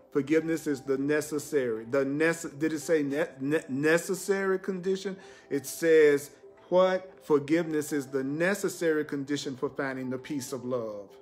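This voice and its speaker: A man teaching spiritual ideas on a live stream, emphatic and repetitive, often breaking into laughter. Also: fairly high pitch.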